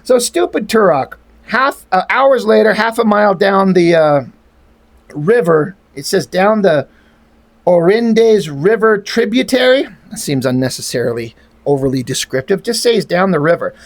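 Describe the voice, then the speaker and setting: A man's voice: high voice, lively intonation, normal speed. A man reading through a comic aloud and mocking it with sarcastic, rambling, profane asides. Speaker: comic reviewer.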